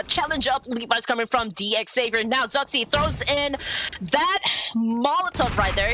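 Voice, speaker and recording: A woman casting a live esports match in English with a Southeast Asian accent, excitable and quick to laugh as she calls the action. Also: sits high. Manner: excitable, laughs often, crowd-hyping. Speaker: esports caster. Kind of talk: live esports play-by-play commentary.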